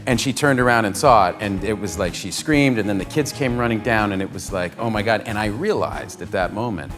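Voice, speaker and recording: A man telling animated stories on talk shows, laughing through his punchlines. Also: fairly low pitch, fairly quick. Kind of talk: anecdotal talk-show storytelling. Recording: talk-show clips with music underneath.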